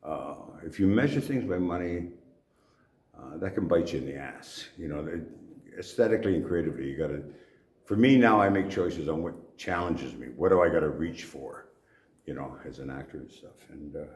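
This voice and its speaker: Deep-voiced older man, gruff storyteller. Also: expressive, moderate pace, darkish tone. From Canada. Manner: gruff, swears casually, laughs at own stories. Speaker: actor guest. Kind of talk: anecdotal interview storytelling. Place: convention venue indoors. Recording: echoey convention room.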